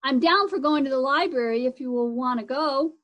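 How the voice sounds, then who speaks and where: Woman doing Scratchy, a slangy excitable boy. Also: high voice, a little fast. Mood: excited. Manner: slangy and excitable, says "radical". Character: upbeat red-headed scooter-riding boy, homesick.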